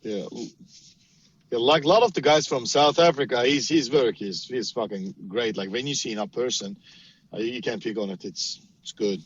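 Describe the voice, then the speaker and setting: A man's voice: mid-range voice, normal speed, breathy edge. A man talking casually on a podcast, plain-spoken and matter-of-fact, with the odd swear. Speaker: knife maker guest. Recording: dull lo-fi podcast mic.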